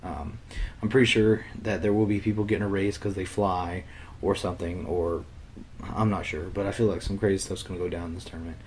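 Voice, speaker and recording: Low-voiced man rambling through a discussion. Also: steady tone, a little fast, slight background noise. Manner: rambling, many fillers and restarts. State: under the weather, slightly ill. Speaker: channel host. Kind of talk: casual episode discussion. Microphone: computer webcam mic.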